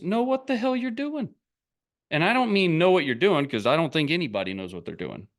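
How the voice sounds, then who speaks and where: A middle-aged man coaching on online business in a blunt, rambling, casual motivational talk, often breaking into laughs. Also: mid-range voice.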